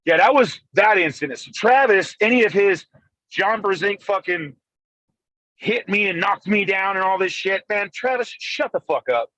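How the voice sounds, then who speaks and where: A man telling a story over a phone call while driving, excitable and full of profanity. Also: sits high, normal speed, no room sound. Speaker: podcast co-host. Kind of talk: casual storytelling chat. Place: in a car, driving.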